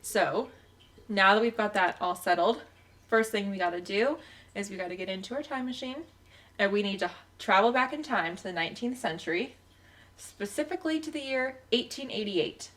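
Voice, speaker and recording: A woman's voice: mid-range voice, normal speed, a bit bright. A woman co-hosting a casual podcast chat, who keeps steering things back on track with "okay, well". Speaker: podcast co-host.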